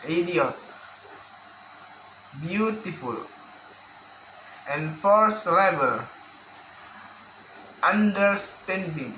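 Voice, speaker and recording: Slow, bright-voiced man reading a lesson. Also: a little high. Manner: slow, careful reading of word lists with restarts. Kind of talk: reading a phonetics lesson aloud. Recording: echoey room with faint background hiss.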